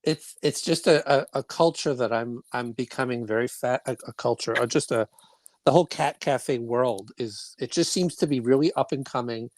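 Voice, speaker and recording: A man's voice: medium pitch, normal speed, dry recording. Rambling, jokey man from Brooklyn. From Brooklyn, New York. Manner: rambling, restarts often, jokey and irreverent. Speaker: podcast co-host. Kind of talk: casual podcast chat.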